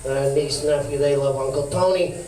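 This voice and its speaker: A man's voice: a little high, fairly even intonation, moderate pace, dark tone. Brash man doing crude stand-up. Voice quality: brash, crude, mumbling asides. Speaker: stand-up comic. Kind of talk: stand-up set in a brash lounge-act persona. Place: comedy club stage, live. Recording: echoey room heard from far off.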